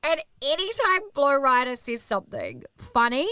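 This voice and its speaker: A woman in her thirties with a New Zealand accent, a radio host telling animated, sweary backstage stories in casual chat. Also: high voice, normal speed, no echo, studio quality. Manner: animated, swears, acts out others in quoted voices. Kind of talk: casual storytelling.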